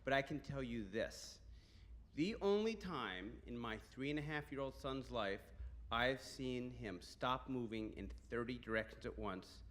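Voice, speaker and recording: A man's voice: medium pitch, animated, unhurried, fairly bright tone. A man hosting a live storytelling show, introducing the next performers in a chatty way. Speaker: host.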